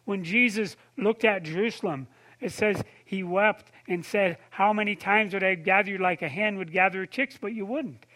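A man preaching a sermon in a conversational way, asking his listeners questions and dropping to a soft, low voice for tender points. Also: normal speed. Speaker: pastor.

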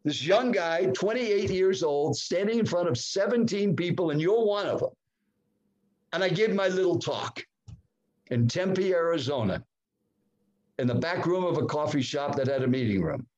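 A man in his seventies, a guest in a podcast interview, telling a personal story with dramatic swings in pitch. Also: animated, moderate pace, darkish tone, muffled recording. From United States. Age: 70s. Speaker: guest speaker.

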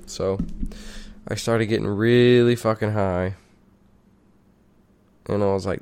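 A man's voice: on the low side, steady tone, measured pace, long pauses, darkish tone, smooth, no room sound. Rambling, swearing young man telling a story. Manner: rambling, heavy swearing, restarts and asides. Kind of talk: casual storytelling.

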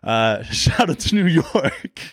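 A man's voice: mid-range voice, sing-song, slow pace, a bit bright, no room sound, clean studio sound. A man hosting a casual podcast chat with friends, joking, laughing often and trailing off mid-sentence. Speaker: podcast host.

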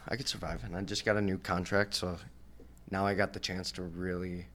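A young professional fighter, a man, telling stories from his career in a casual podcast interview, animated and swearing, acting out the voices of the people he quotes. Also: low voice, brisk. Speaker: professional MMA fighter guest.

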